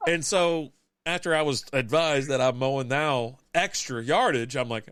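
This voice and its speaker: A man's voice: medium pitch, normal speed, a bit bright, clear, resonant tone, no echo, clean studio sound. A man from Texas co-hosting a casual beer podcast, telling stories with frequent laughter and plenty of swearing. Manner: laughs often while storytelling, swears freely. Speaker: podcast co-host. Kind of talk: casual chat over beers.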